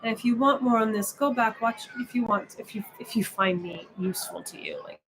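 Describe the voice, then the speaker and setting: A woman giving a meditation talk as teacher, musing gently and often asking "right?". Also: fairly high pitch, brisk, rough recording. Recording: steady background noise.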